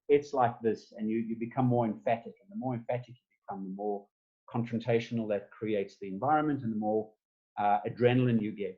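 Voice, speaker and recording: A man's voice: mid-range voice, dark tone, dull audio. A man giving a conversational online talk, often repeating words as he thinks. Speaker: speaker giving a stress management talk. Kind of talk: webinar presentation. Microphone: computer mic on a video call.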